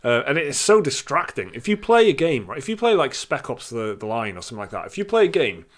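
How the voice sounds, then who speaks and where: A man co-hosting a casual gaming podcast, rambling and animated, with restarts and the odd swear. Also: medium pitch, quick pace. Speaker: podcast co-host. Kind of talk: casual chat.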